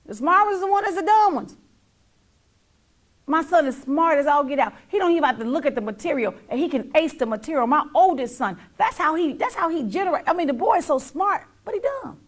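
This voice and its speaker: A woman's voice: sits high, animated, a little fast. A middle-aged woman telling her own story as a mother, emphatic and repetitive, sometimes dropping almost to a whisper. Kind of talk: heartfelt personal testimony.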